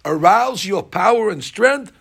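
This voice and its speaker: A man teaching a Bible class, animated and asking the class questions as he explains verses. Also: high voice, unhurried, gravelly, husky. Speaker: Torah teacher.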